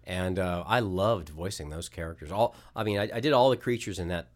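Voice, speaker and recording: A man's voice: low voice, a little fast. A man who works as a voice actor, talking as a podcast guest in a loose, rambling way, full of restarts and laughing at his own stories. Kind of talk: casual podcast interview.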